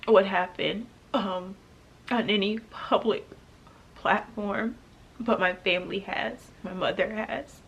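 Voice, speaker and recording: A young adult woman telling a painful personal story to camera, halting and emotional, with pauses and restarts. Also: medium pitch, a bit bright, a little hiss or hum. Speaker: vlogger.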